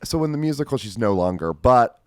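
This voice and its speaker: A man's voice: mid-range voice, expressive, a little fast, darkish tone, no echo, clean studio sound. Rambling, enthusiastic male podcast guest. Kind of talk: casual chat.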